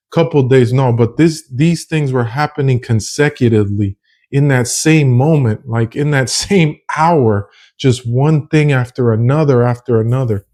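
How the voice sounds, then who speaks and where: A man's voice: medium pitch, warm tone. A young man telling a personal faith story in an earnest, rambling, casual way, often repeating himself. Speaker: vlogger sharing a faith testimony.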